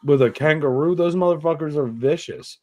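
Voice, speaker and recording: A man co-hosting a podcast, reading odd news stories aloud in a profane, animated way. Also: a little high, a little fast. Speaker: podcast co-host.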